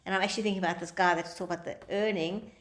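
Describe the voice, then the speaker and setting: A woman's voice: fairly low pitch, steady tone, very fast. A woman teacher giving an informal lecture to a small group, talking conversationally and acting out quoted dialogue in different voices.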